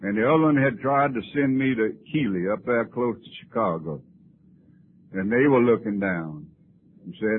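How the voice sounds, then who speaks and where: A man's voice: on the low side, normal speed, narrow, tinny audio. Man, folksy storyteller, wry humor, faint tape hiss. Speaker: recovery meeting speaker. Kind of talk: personal storytelling talk.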